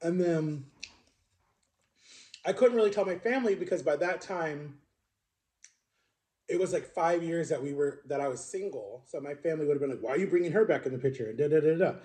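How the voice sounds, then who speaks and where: Rambling man telling a story, mellow tone. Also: on the high side, moderate pace, long pauses. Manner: rambling, conversational, lots of fillers and restarts. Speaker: social media creator. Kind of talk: casual storytime monologue.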